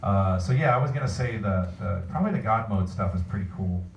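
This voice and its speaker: A man's voice: on the low side, expressive, fairly quick, vocal fry, muffled recording. Rambling man in an echoey hall. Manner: rambling, restarts often, chatty. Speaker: voice actor, convention panel guest. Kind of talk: convention panel Q&A. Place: convention hall. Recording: echoey hall, distant mic, faint room noise.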